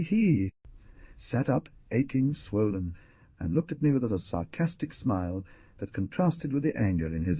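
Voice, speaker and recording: A man narrating an audiobook in a dramatic, expressive reading. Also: deep voice, slightly rough, dry recording. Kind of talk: scripted narration. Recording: dull lo-fi dry recording.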